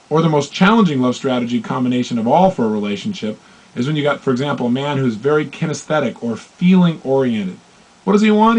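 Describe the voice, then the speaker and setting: Animated motivational speaker, husky man. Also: mid-range voice, poor audio. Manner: animated, acts out both partners in quoted dialogue. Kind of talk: motivational talk on relationships.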